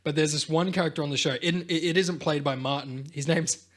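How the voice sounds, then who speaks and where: A man co-hosting a podcast tells a rambling story in casual conversation, swearing freely and acting out quotes in big voices. His voice is on the high side and steady, and he talks fairly quickly.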